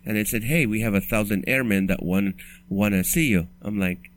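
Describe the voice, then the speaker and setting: Middle Eastern comedian telling a story. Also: male voice, lowish voice, moderate pace. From Middle East. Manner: conversational, joke-laced, frequent restarts. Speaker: comedian and podcast host. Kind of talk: storytelling monologue.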